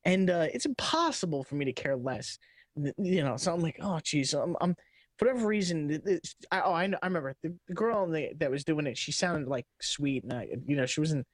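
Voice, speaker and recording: A man's voice: a little high, lively intonation, brisk, no echo. A man co-hosting a casual late-night tech podcast, rambling through a story with frequent restarts and laughter. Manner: rambling, restarts sentences often, laughs while telling stories. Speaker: podcast co-host.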